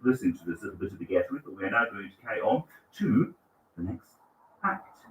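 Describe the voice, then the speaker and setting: A man's voice: fairly low pitch, expressive, brisk, slight background noise. Rambling man hosting an open mic. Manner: rambling, self-mocking, lots of fillers. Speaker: open mic host and singer. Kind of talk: casual stage patter and comic song with guitar. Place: small bookshop stage, live audience. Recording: roomy bookshop, mic at a distance. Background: guitar.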